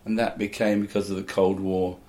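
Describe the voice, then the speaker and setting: A man's voice: low voice, little pitch movement, brisk, a little mellow. An older man from England, a comedian and musician, telling rambling anecdotes in a casual interview.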